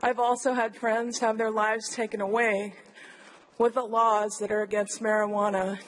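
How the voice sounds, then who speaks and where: A woman addresses a city council in a humble, pleading tone. Her voice sits a little high. She speaks plainly to the room. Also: little pitch movement, moderate pace, low-quality recording. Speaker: public commenter. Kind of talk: public comment. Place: council chamber.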